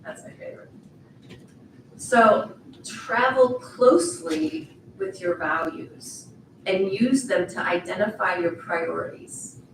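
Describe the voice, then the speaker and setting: A woman's voice: medium pitch, lively intonation, slow pace, creaky, far from the mic, a little hiss or hum. A middle-aged woman giving a ceremony speech, playful and encouraging, talking straight to the graduates. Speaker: commencement speaker. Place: large event hall. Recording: echoey hall, voice heard from afar.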